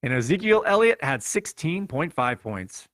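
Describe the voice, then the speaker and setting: A man with a Chicago accent walks through the week's fantasy football results in a playful, running recap. His voice sits a bit high. It is recorded close and dry. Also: very animated, normal speed, fairly bright tone, no room sound. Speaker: podcast host.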